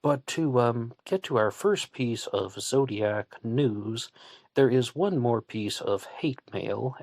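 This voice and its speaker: Low-ish guy doing his own radio show, chatty and sarcastic, super dry sound. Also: no room sound. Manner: conversational, with sarcastic asides. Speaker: online radio show host. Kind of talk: casual monologue.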